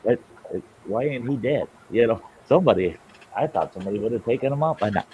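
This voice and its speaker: A man's voice: medium pitch, expressive, fast, dark tone, muffled recording, slight background noise. A middle-aged man hosting a storytelling show, telling a story in a rambling, folksy way with plenty of cussing. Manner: folksy, rambling, salty-tongued. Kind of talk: casual spoken storytelling.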